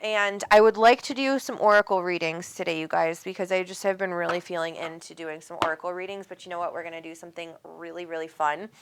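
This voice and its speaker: A woman's voice: on the low side, fairly even intonation, fast, hardly any pauses, slight background noise. Chatty Minnesotan woman livestream host. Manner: chatty and affectionate, many ums, greets viewers by name. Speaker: spiritual medium and livestream host. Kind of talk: casual livestream chat reading viewer comments.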